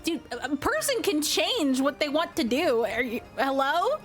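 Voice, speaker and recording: A woman's voice: sits high, normal speed. Laughing young woman streaming a game. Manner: laughing, animated reactions to the story. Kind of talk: playing a game while reading its lines aloud. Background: game music.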